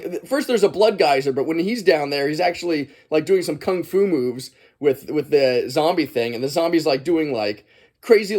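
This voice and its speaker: A man's voice: on the high side, a little mellow. A man giving a casual, rambling movie commentary, often chuckling as he goes. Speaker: movie reviewer.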